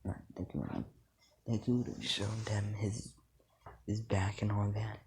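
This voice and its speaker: Low gravelly man rambling a fan story. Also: darkish tone. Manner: rambling, halting, often drops to a whisper. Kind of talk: casual improvised fan story narration.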